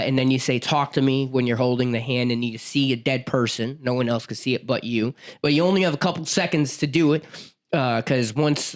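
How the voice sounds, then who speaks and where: A young man co-hosting a casual podcast, talking loosely with plenty of "uh" and "like" as he recaps a plot. His pitch sits mid-range for a man, and he laughs easily and swears freely. The talk is relaxed and chatty. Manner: rambling, filler-heavy, laughs often. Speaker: podcast co-host. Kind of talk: casual chat.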